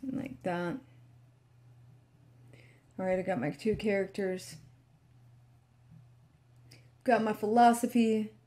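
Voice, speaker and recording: A woman's voice: medium pitch, takes it slowly, pauses often. A woman tech vlogger casually walking through a screen recording, talking to herself as she works, sleepy and yawning. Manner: talks to herself while working, relaxed and chatty.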